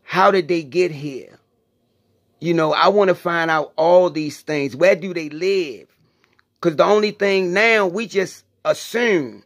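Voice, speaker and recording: A man's voice: fairly high pitch, a little slow, vocal fry, a bit bright, dry recording, clean studio sound. A middle-aged man hosting his own channel, speaking casually and earnestly to his viewers, rambling with many fillers and saying "y'all". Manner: informal Southern US speech with 'y'all' and 'ain't'. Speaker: channel host.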